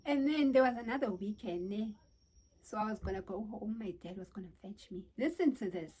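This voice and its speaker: Animated young South African woman vlogger. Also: medium pitch, a little fast, breathy edge. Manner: animated, exclamatory storytelling. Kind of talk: casual storytime chat.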